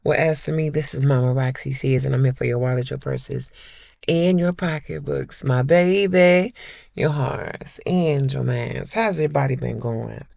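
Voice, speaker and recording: A middle-aged woman vlogger chatting to her viewers, telling a personal story in a slow, heartfelt way and calling them y'all. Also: extremely low pitch, gravelly, a little mellow, dry recording, highs cut off. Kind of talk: casual chat to viewers.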